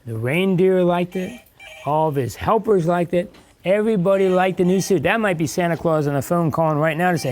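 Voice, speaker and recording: There's a little hiss or hum behind an older man whose voice sits high with a darkish tone, moving fairly quickly. As a guest reader in an elementary school classroom, he reads a picture book to young children, chatty and pausing to ask and explain.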